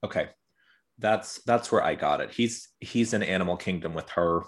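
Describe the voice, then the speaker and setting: A man co-hosting a casual podcast over a video call, laughing often and speaking in quick bursts. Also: deep voice. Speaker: podcast co-host. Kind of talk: casual chat.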